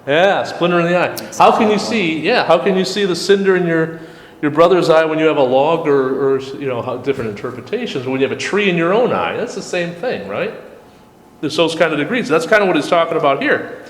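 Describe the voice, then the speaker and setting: A man's voice: fairly high pitch, lively intonation, fairly quick. A man leading a church study group, teaching in a casual, conversational way and often restarting his sentences. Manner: conversational, frequent restarts, quotes texts aloud. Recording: echoey room with long reverb.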